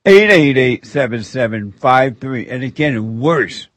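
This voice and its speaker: A man's voice: mid-range voice, expressive, takes it slowly, a bit bright, no room sound. A man hosting a call-in radio show, rambling and laughing as he gives spiritual counsel.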